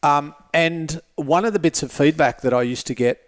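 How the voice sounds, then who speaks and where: A man's voice: a little high, normal speed. A man, a motivational speaker guesting on a podcast, talking reflectively and candidly, with casual swearing. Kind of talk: casual conversation.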